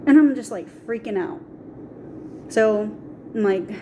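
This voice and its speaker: Woman telling a personal story, mellow voice. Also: medium pitch, measured pace, pauses often, slight background noise. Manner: animated, acts out quoted voices. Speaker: vlogger.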